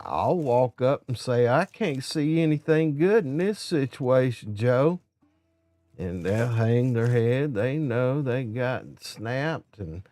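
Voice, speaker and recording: A man's voice: mid-range voice, a little mellow, dry recording. A man telling folksy, rambling safety stories in a casual live-stream monologue, acting out the dialogue himself.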